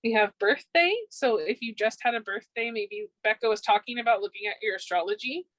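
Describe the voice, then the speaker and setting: Bubbly woman doing a tarot reading, kinda high voice, dry close sound. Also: fairly quick, fairly bright tone, no room sound, rough recording. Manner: upbeat and chatty, with frequent ums. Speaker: tarot reader. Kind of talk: casual pick-a-card tarot reading.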